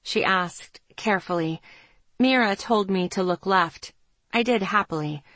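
A woman telling a first-person story as an audiobook narrator, with steady, even storytelling. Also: medium pitch, a little slow, no room sound.

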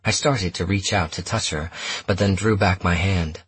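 A man narrating a first-person story in a measured, steady audiobook reading. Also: deep voice, slightly rough, no echo.

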